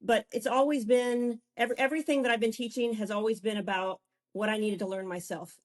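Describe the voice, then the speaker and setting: A woman's voice: a little high, fairly even intonation, brisk. A woman in her fifties, a wellness coach and guest, telling her own story in an effusive way, often restarting and getting emotional. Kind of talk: candid personal storytelling.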